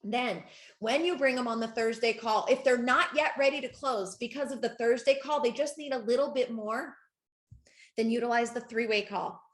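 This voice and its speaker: Woman host of a coaching call, excitable and chatty, slightly high voice, echoey room. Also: moderate pace. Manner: excitable, laughing, talks to the audience directly. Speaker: network marketing coach. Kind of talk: live group coaching call.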